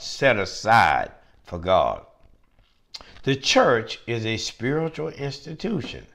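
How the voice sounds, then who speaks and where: Emphatic preaching man, lively pitch. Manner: emphatic, repetitive preaching with rising peaks. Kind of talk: sermon.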